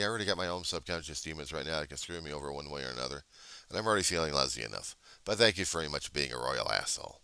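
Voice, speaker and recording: A man's voice: sits low, expressive, fast talker, bright, forceful tone, smooth, dry recording. A man in casual chat who talks bluntly and sarcastically, with plenty of profanity.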